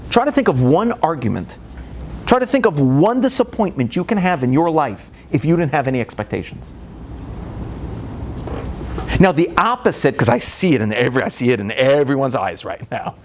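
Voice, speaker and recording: This rabbi's voice is fairly high and creaky, with slight background noise present. He gives a comic lecture of family stories, acting out the dialogue with animated energy and lots of laughter.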